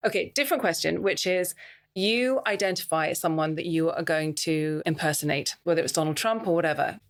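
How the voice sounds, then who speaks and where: Lower-voiced woman interviewer. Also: a little fast. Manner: attentive, short affirmations and open questions. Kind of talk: conversational interview.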